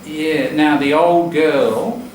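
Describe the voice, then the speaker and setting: A man's voice: fairly high pitch, extremely slow, darkish tone, a little hiss or hum. Man teaching English in an echoey room. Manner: explanatory, repeats phrases to model pronunciation. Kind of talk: relaxed classroom teaching. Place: classroom. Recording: echoey classroom recorded from a distance.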